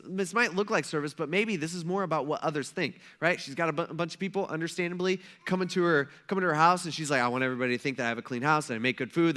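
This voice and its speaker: A male pastor preaches in a relaxed, conversational way, slipping into acted-out quotes as he tells a story. His voice sits a bit high and has a bright, forceful edge. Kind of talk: conversational sermon.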